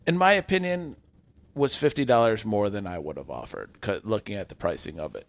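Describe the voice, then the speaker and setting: A man with a somewhat low voice tells a workplace story in a relaxed podcast chat. He acts out what people said, getting loud for the quotes. He sounds to be in his thirties. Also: a little fast. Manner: animated storyteller acting out quotes. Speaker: podcast co-host telling a work story.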